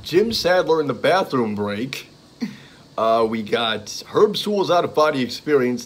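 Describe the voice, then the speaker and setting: A man of ordinary pitch talks casually through a list of comedy tracks. He rambles, trips over titles and fills gaps with ums and uhs. He chuckles now and then as he goes. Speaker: fan reviewing comedy CDs. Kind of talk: casual monologue listing tracks.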